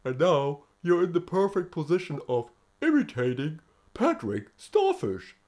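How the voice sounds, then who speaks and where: A man's voice: on the high side, sing-song, moderate pace, darkish tone. A man from Europe talking casually and hesitantly about vocal technique, with many fillers, breaking into short sound demonstrations. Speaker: vocal student vlogger. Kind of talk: casual singing-lesson vlog.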